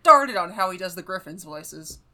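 Chatty young woman with a bright voice. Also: lowish voice, animated, normal speed. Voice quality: chatty, lots of "like" and "um". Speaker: podcast co-host. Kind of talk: casual chat.

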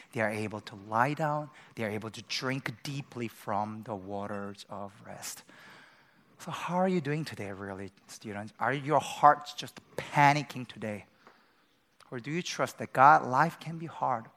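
A man preaching a sermon to students, telling a story with sudden loud bursts. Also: mid-range voice. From Korea. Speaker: pastor.

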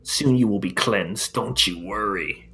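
A man's voice: on the low side, measured pace, creaky, pushed and bright, full character voice. A man voicing a cruel male prison jailer who taunts and mocks his prisoners with contempt, during a tabletop game. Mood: sneering.

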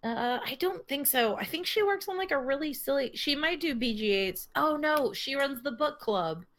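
A woman's voice: sits high, lively intonation, normal speed, a bit bright. Woman podcast co-host, casual chatty delivery, laughs a lot. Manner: laughs often, swears casually. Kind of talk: casual chat.

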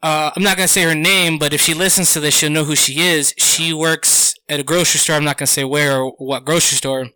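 A man telling a story in casual podcast chat, animated, swearing freely and acting out what people said. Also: a little high, fast, few pauses, clean tone, no room sound.

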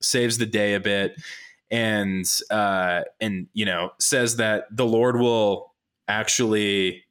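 Low-voiced man, profane and rambling. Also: fairly even intonation, slow, fairly bright tone, smooth. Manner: profane, joking, rambling recap. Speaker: podcast host. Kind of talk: casual chat.

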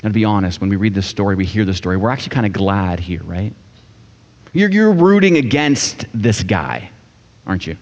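A man preaching a sermon in a casual, animated storytelling manner. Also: lowish voice, brisk. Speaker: pastor. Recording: echoey hall, dull sound.

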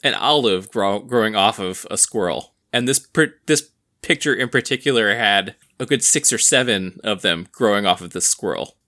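A man's voice: on the low side, moderate pace, sharp tone. A man co-hosting a podcast who tells stories in casual chat, rambling and amused. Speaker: podcast co-host.

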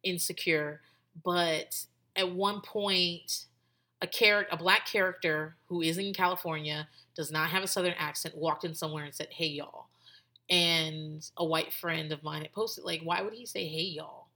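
Bright-voiced woman chatting freely. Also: lowish voice, fairly even intonation, moderate pace. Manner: chatty, full of "like" and restarts, swears freely. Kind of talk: casual commentary.

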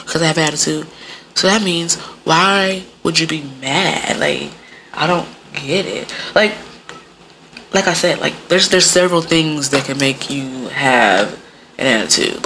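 A woman telling frank, profane stories in casual chat, full of fillers and sudden jumps in pitch. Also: fairly bright tone, a little hiss or hum. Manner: frank and profane, many fillers like "like" and "you know". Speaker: podcast guest or co-host.

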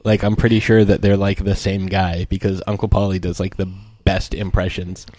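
A man's voice: sits low, little pitch movement, normal speed, a little mellow, no room sound. A young man co-hosting a podcast in casual, joking chat, often slipping into goofy impressions. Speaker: podcast co-host.

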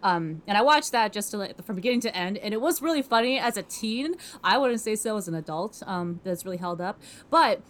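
A woman's voice: mid-range voice, animated, brisk. A young woman co-hosting a podcast, chatting casually in a rambling way full of fillers and self-deprecating asides. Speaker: podcast co-host.

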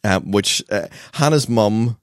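A man's voice: fairly low pitch, slow, no room sound, clean studio sound. A man chatting casually as a podcast co-host, telling long rambling stories with swearing. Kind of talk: casual chat.

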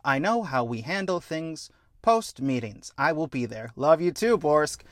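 A man putting on a calm male robot crewman, unhurried and even-toned, dry close sound. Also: fairly high pitch, dry recording.

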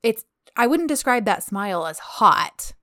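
Here a thirtysomething woman with a mid-range voice talks at an unhurried pace. As a podcast co-host in a casual chat, she gushes over a TV show, animatedly recounting scenes and quoting the characters' dialogue.

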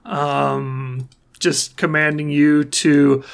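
Gravelly game master, rambling easily. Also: medium pitch, a little slow. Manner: relaxed, rambling with many fillers. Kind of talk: narrating a tabletop game.

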